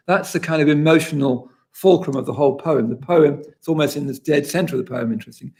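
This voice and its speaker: A man with a British accent, a poet leading a session, reading a poem slowly and then discussing it in quick, animated bursts. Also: a little high. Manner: reads slowly and deliberately, then talks fast and animated. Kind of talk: poetry reading and talk.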